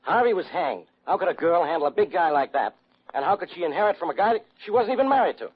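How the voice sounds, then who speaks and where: An actor playing a hectoring, blustering police inspector in a 1940s radio drama. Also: male voice, high voice, big pitch swings, fast talker, husky, heavily acted. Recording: dull old radio recording.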